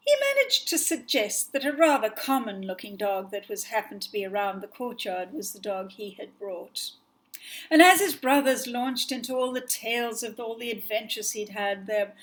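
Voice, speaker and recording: Woman, storyteller, fairy tale told from memory, gentle, expressive, fairly high voice. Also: low-quality recording.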